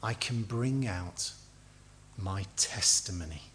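A man's voice: sits low, animated, slow, fairly bright tone. Middle-aged english guy preaching, storytelling, swoops up and down a lot. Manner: storytelling with acted quotes and dry humor. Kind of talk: sermon.

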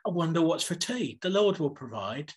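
A man acting out an excited male prophet who gushes with joy. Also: a little high, normal speed. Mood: elated. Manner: excited, gushing. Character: elated young male prophet, overexcited.

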